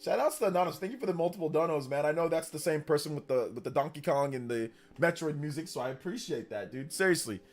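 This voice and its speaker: A man's voice: a little high, animated, quick pace, hardly any pauses. A man hosting a casual live stream, hyped up, reading out and thanking donors as he chats. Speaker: livestream host.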